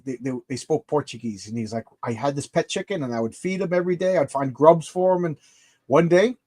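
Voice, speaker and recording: High-voiced man telling rambling stories. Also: a little fast, a little mellow. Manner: rambling anecdotes, acts out quoted people. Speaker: podcast host, comic artist. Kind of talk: casual storytelling chat.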